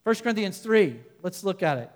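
A man preaching a sermon as a pastor, building to loud emphatic points and then dropping to quiet asides. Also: sits high, big pitch swings, a little fast, big-room sound.

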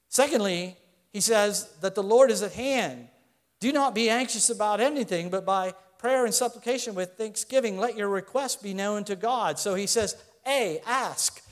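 A middle-aged man preaching a sermon in an earnest, conversational way, asking the congregation questions. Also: sits high. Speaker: pastor.

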